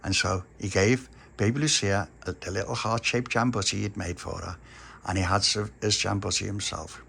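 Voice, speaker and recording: Gravelly storyteller man. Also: lowish voice, fairly even intonation, moderate pace, a bit bright, a little hiss or hum. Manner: homely, chatty storytelling. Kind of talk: children's story narration.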